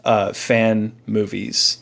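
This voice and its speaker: A man's voice: on the low side, little pitch movement, extremely slow, gravelly, a bit bright. A man chatting casually on a podcast panel, rambling and repeating words as he searches for his point. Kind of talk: casual chat.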